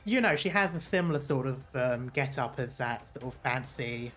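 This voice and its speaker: Game streamer, casual commentary, rambling, self-correcting, mid-range pitch, soft background music. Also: lively intonation, moderate pace. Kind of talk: casual let's-play commentary.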